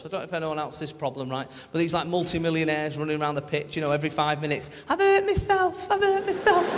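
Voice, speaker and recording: A man's voice: on the high side, very noisy. A man doing stand-up, with cheeky, punchy crowd work. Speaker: stand-up comedian. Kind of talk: stand-up routine. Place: large theatre stage with live audience. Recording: reverberant hall, roaring crowd.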